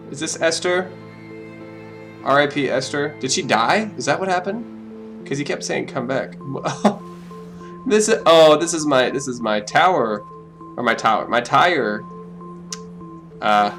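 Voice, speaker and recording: A man's voice: medium pitch, expressive, takes it slowly, long pauses, a bit bright, faint music behind. A young man joking his way through a game as let's play commentary, talking to himself with mock drama. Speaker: gaming YouTuber.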